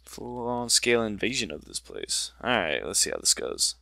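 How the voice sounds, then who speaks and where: A man's voice: fairly low pitch, wildly swooping pitch, normal speed, gravelly, dry recording. A man giving live gameplay commentary in profane, exasperated outbursts. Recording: loud game music and gunfire behind.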